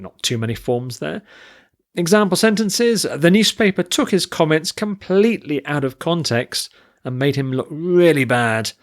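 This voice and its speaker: A man teaching an English vocabulary lesson, listing word forms and reading example sentences carefully. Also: medium pitch. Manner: slow, deliberate, spells out word forms and stress.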